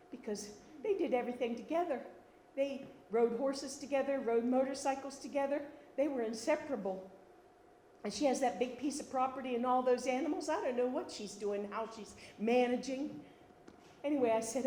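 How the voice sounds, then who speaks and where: An older woman tells her life story in a one-woman theatre monologue, wry and often laughing. Her voice sits a little high for a woman. The room is echoey, with faint ambience behind her. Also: normal speed, dark tone, slight background noise. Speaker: stage performer telling her life story. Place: theatre stage.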